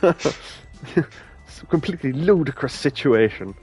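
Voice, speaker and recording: A man's voice: fairly high pitch, expressive, takes it slowly, darkish tone, breathy edge. A man with an English accent giving casual, rambling game commentary as a let's play host, laughing often. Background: game music.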